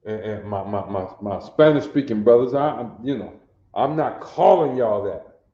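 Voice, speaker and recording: With a mellow, lowish voice and lively intonation, a language teacher speaking Detroit African American Vernacular English leads a Hebrew phrase class. He goes slowly, repeats things in street slang, and uses call-and-response questions to check understanding. The sound is dull and lo-fi, with room echo.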